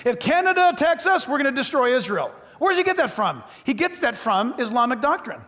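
American male preacher, very high voice, emphatic punchy lines, long hall reverb. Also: big pitch swings, brisk, fairly bright tone. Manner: emphatic, repetitive, punchy short phrases. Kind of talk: sermon.

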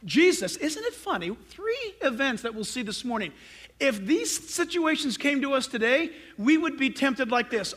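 A man's voice: very high voice, big pitch swings, normal speed, fairly bright tone. A male pastor preaching a sermon, emphatic and direct, firing rhetorical questions at his congregation.

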